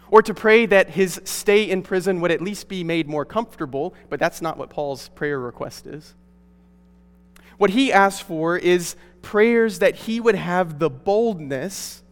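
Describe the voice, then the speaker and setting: A pastor delivering an earnest, emphatic sermon to his congregation in a church. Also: on the high side. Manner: earnest, emphatic preaching with rising stresses. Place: church sanctuary. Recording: long hall reverb.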